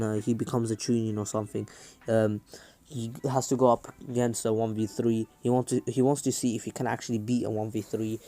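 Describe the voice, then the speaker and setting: A man's voice: mid-range voice, darkish tone. A young man casually retelling a fan story, rambling with lots of fillers and restarts.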